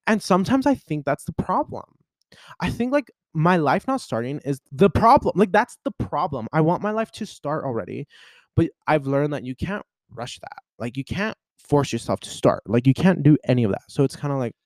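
A man's voice: very animated, moderate pace, darkish tone, no room sound, clean studio sound. A man in his twenties talking on a casual solo podcast, rambling and venting with lots of fillers. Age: 20s. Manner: rambling and chatty, full of "like" and "you know" fillers; emotional and venting, with sudden jumps in pitch. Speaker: podcast host.

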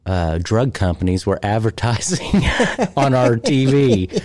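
A man in casual podcast chat, talking hesitantly with many pauses and restarts. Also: medium pitch, very animated, a little mellow, dry recording.

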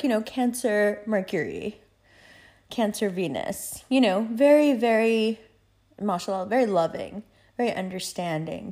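Woman host, mid-pitched, loose, profane, laughs through her stories. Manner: animated, profane, laughs often while telling stories. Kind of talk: casual chat.

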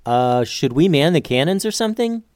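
A man voicing a wary, deadpan young ninja in a storybook. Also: fairly high pitch, normal speed, no echo, clean studio sound, voice pushed up.

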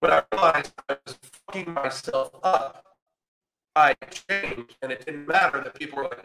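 A man's voice: on the high side, normal speed, creaky, sharp tone, reverberant, a little hiss or hum. A man hosting a podcast, ranting in reaction commentary with a profane, combative and sarcastic manner. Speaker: podcast host.

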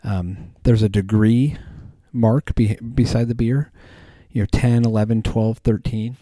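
A man's voice: on the low side, fairly even intonation, measured pace, mellow, no echo. A man hosting a podcast, chatting casually in a rambling way with many ums and restarts. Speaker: podcast host. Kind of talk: casual chat.

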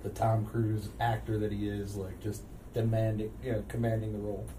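A man hosting a casual podcast, telling stories with frequent loud laughter. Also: on the low side, moderate pace. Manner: loud laughing, animated storytelling. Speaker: podcast host. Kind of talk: casual chat. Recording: distant mic, faint noise.

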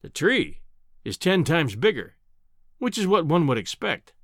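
A man playing a booming, scornful old professor. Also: sing-song, unhurried, gravelly, no room sound, clean studio sound, full character voice. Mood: lecturing. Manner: booming, condescending, triumphant. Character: blustering, scornful older male professor. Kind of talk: audiobook character voice.

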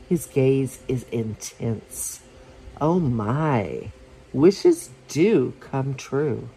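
A podcast host reading an erotic story in slow, expressive first-person narration. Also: medium pitch, vocal fry, breathy edge, low-quality recording.

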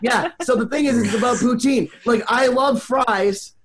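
A high-pitched man chatting on a podcast, telling long rambling stories full of swearing. He gets excitable and loud as he goes. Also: normal speed, a loud crowd. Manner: rambling, profane, excitable storyteller. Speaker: band member, wedding DJ. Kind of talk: casual podcast chat.

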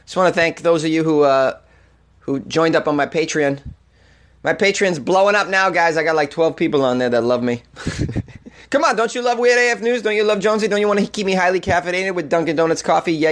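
A young man hosts a comedy podcast in a casual, playful way, swearing and poking fun at himself. He speaks with a Boston accent and a fairly high voice. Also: a bit bright. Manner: playful, swearing, self-mocking. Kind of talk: casual announcement.

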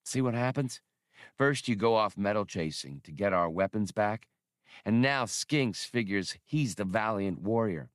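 A man voicing a cocky, sardonic male starship captain in an audiobook, quick and commanding. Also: lowish voice, animated, no room sound, clean studio sound. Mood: wry. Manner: wry, commanding.

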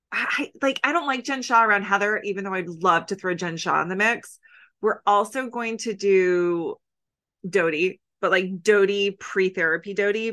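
A woman's voice: medium pitch, sharp tone. A young adult woman co-hosting a podcast, chatting casually and rambling through jokes. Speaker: podcast co-host. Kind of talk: casual chat.

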